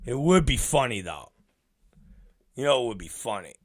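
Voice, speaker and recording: Animated, swearing male show host. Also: medium pitch, moderate pace. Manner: rambling, profane, laughing. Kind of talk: profane casual podcast rant.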